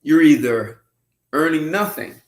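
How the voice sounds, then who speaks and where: A man hosting a casual livestream show, talking in an unhurried, musing way with frequent restarts and throat clearing. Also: a little high. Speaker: host. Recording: roomy echo.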